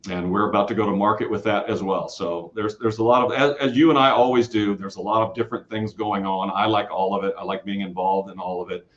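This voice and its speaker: A man from the Kansas City area, a guest storyteller telling rambling, animated stories with many restarts in a casual interview. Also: on the low side, fast, hardly any pauses. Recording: dull lo-fi audio.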